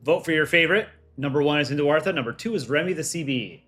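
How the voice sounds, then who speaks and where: A man's voice: fairly high pitch, quick pace, fairly bright tone, faint music behind. A man who voices cartoon characters, hosting a casual livestream and reading viewer chat aloud as he runs polls. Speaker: livestream host and voice actor.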